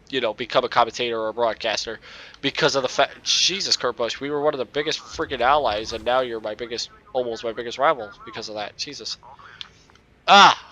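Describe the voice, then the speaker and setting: A young man with a nasal voice and a bright edge to it talks through a racing game on a cheap microphone. He rambles in loose, excitable bursts and breaks off to curse at what happens on track. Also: mid-range voice, a little fast. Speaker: gaming YouTuber. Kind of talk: casual gameplay commentary.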